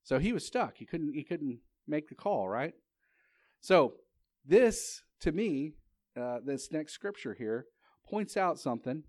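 A man's voice: a little high, very animated, measured pace, darkish tone, no echo. A man preaching a sermon. He tells a personal story in a conversational way, often restarting his sentences, and asks the congregation rhetorical questions.

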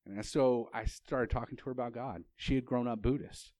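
A man's voice: mid-range voice, steady tone, normal speed, darkish tone, dry recording. A man preaching a sermon. He tells a personal story in a conversational way, often restarting his sentences, and asks the congregation rhetorical questions.

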